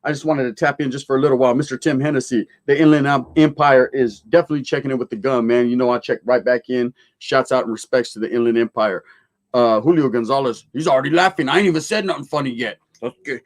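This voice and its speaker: A man's voice: mid-range voice, fast talker. A man hosting a casual livestream, reading out viewer comments in laid-back street slang sprinkled with Spanish words.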